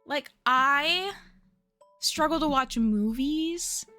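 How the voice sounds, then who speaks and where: A woman's voice: high voice, extremely slow, bright, forceful tone, soft background music. A young adult woman streamer in casual chat with her viewers, rambling, giggly and answering chat as she goes.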